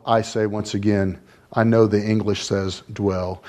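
A man preaching a sermon, swinging from hushed, low passages to loud, high cries and asking his listeners rhetorical questions. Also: level tone, unhurried.

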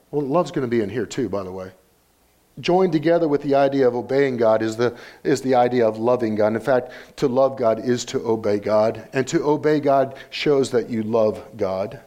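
A man's voice: medium pitch, moderate pace, dark tone. An older man preaching a sermon, reading Scripture aloud and driving points home with rhetorical questions and repeated phrases. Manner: reads Scripture aloud with rising emphasis. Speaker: pastor.

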